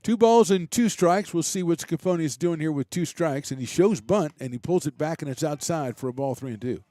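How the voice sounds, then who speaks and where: Man, baseball play-by-play, relaxed chatty delivery, fairly high voice, warm dark tone, dry close-mic sound. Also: a little fast, dry recording. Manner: relaxed, chatty, self-deprecating asides. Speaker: play-by-play announcer.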